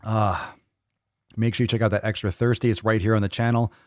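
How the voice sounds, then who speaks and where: A man's voice: lowish voice, flat delivery, a little fast, dry recording, studio quality. Playful, profane male livestream host. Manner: playful, loose and profane, repeating phrases in a sing-song way. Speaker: fitness show host. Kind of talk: casual livestream chat.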